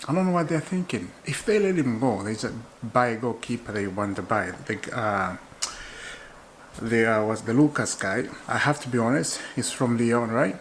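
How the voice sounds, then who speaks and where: A man from Zambia, hosting his own football channel in an excitable, chatty way and laughing often. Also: medium pitch, normal speed, a little hiss or hum, low-quality recording. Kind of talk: casual football chat to camera.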